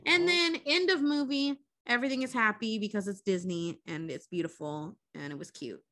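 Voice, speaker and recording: Bright-voiced woman swearing through a story. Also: medium pitch, normal speed. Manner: profane, animated storytelling. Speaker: podcast co-host. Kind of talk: casual chat, retelling a movie plot.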